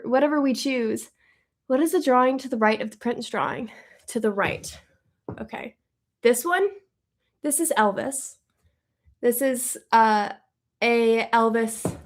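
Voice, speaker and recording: An upbeat woman hosts a live stream, answering viewer questions in a loose, chatty way. She thinks out loud and keeps the talk relaxed and friendly. Her voice sits somewhat high.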